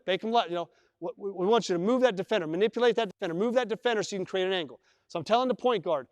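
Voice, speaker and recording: High-voiced coach in an echoing gym. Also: male voice, quick pace. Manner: repeats words, demonstrates with players. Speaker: basketball coach. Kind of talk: live coaching clinic on court. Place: large indoor gym. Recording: long reverb in a gym hall.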